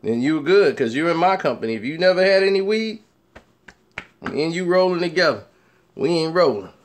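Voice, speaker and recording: Guy telling a story, laughs a lot, high lively voice jumping all over. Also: fairly quick, slight background noise. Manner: laughs often, acts out quoted voices. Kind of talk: casual storytelling chat.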